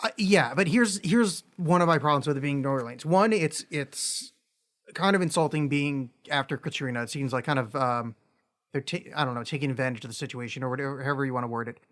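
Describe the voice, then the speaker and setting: A man's voice: mid-range voice, fast talker, fairly bright tone. A man co-hosting a podcast, casually ranting about a film with sarcastic jokes. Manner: sarcastic, joking rants. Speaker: podcast co-host.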